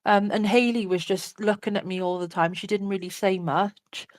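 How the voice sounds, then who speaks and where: A woman's voice: medium pitch, steady tone, moderate pace, darkish tone, dry recording. Chatty woman telling her story. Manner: candid, chatty, many fillers like "like" and "you know". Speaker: interview guest. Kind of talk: personal storytelling in an interview.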